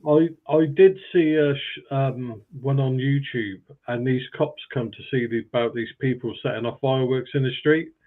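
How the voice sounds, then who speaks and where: A man's voice: mid-range voice, steady tone, moderate pace, hardly any pauses. A man on a live panel, telling rambling stories with plenty of ums and uhs. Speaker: panel guest. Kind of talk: casual chat on a live stream. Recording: tinny phone-like call audio.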